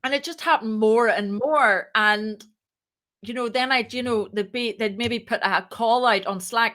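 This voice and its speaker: A woman's voice: fairly high pitch, moderate pace. A woman who co-founded a startup, chatting casually in an interview and acting out the dialogue in her stories. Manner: chatty, animated, acts out quoted dialogue.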